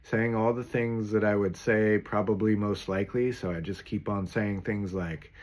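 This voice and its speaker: A man who makes music videos, talking slowly and clearly into a microphone to record a voice sample, often listing single words. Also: on the low side, steady tone. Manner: slow, deliberate and clear, listing words one by one. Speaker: YouTuber and music producer. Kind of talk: unscripted talk for a voice-cloning sample.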